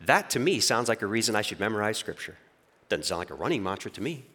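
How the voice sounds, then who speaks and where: Casting: man, 40s, pastor delivering a sermon, very expressive pitch, storyteller who acts out inner voices. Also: fast.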